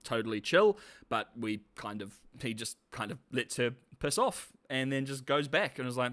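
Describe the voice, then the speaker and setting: A man's voice: mid-range voice, lively intonation, normal speed, a bit bright. A man giving a casual, sarcastic video review, often laughing, swearing and calling people bro. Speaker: show reviewer.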